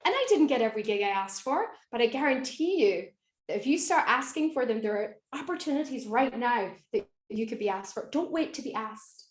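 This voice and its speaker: Irish woman, 40s, business mentor; high, energetic and rallying; roomy recording. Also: fairly quick. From Ireland. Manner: energetic, rallying, keeps asking the audience to answer in chat. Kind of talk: motivational online talk. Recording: roomy echo.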